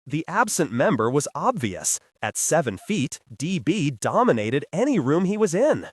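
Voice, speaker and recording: Expressive male audiobook narrator. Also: on the high side, moderate pace, husky, no echo, studio quality. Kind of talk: scripted narration.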